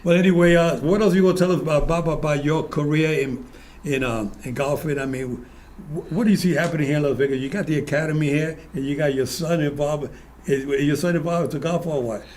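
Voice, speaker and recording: An older man hosts a chat show, talking quickly and with a slightly raised pitch. He tells rambling stories and often doubles back on his words. Faint ambient noise sits underneath the voice. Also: fairly even intonation, darkish tone. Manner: chatty storyteller, repeats words as he talks. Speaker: talk show host. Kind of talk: casual interview chat with anecdotes.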